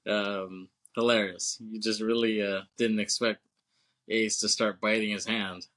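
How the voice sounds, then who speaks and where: Bright-voiced laughing podcast man. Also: lowish voice, little pitch movement, a little slow. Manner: laughs often, swears, acts out movie scenes. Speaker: podcast co-host. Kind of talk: casual movie podcast chat.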